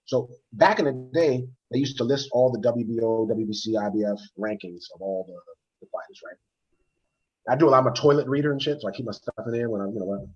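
A man co-hosting a podcast, talking boxing in casual, animated storytelling with frequent restarts. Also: mid-range voice, fast, husky, highs cut off. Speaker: podcast co-host. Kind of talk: casual sports chat.

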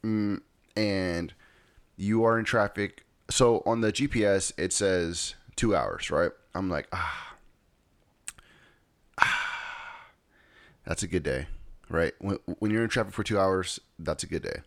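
Low voiced guy rambling through a story at home, keeps saying right. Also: measured pace, no room sound. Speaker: vlogger. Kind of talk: casual storytelling chat.

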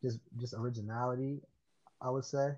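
A young man from Harlem, New York City, a podcast guest talking in a casual, halting way with many fillers, through cheap wireless earbuds. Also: mid-range voice, fairly even intonation, a little mellow. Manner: hesitant with many fillers and restarts. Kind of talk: casual chat. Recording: dull lo-fi earbud mic.

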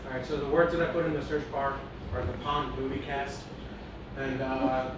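A young man chatting casually with his siblings, an animated storyteller who retells scenes with laughter. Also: mid-range voice, normal speed. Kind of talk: casual chat. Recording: echoey room with background noise.

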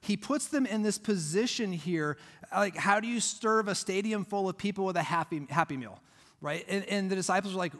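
A man's voice: sits high, normal speed, a bit bright. A man preaching a sermon as pastor, teaching conversationally and emphatically, often restarting his phrases. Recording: long hall reverb.

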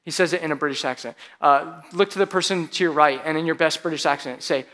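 A man with a high voice preaches a casual, conversational sermon to a live congregation. He sounds informal and talkative, leaning on "like" and teasing the room as a pastor would with his regulars. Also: fast talker, hardly any pauses, pushed and bright. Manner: casual, chatty preaching with frequent "like" and audience banter. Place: church service before a live congregation.

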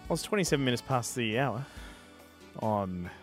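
A man's voice: medium pitch, animated, normal speed, faint music behind. A man hosting a casual podcast, giggly and rambling, with a cold. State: has a cold. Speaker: podcast host.

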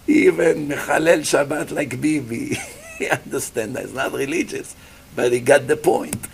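A man giving a lively sermon as a rabbi, acting out little scenes and asking his listeners questions. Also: fairly high pitch, unhurried, gravelly, a little hiss or hum. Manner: animated preacher, acts out voices, asks the audience questions. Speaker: rabbi giving a Torah class.

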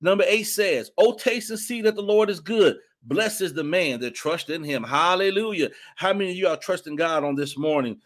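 A man preaching a fervent sermon, slipping into spoken prayer and breaking into sudden high shouts of praise. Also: normal speed, few pauses. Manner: colloquial, drops into spoken prayer.

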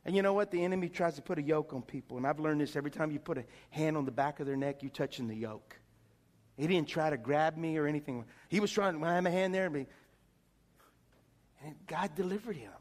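A man preaching a sermon, telling stories excitedly and swinging from soft talk to shouts. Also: a little high, fairly quick. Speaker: pastor.

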